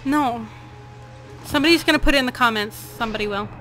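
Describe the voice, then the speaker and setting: A woman's voice: on the high side, quick pace, bright, forceful tone, soft background music, low-quality recording. A woman hosting a co-op let's play, chatting casually, laughing and swearing playfully as she plays. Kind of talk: casual gameplay chat.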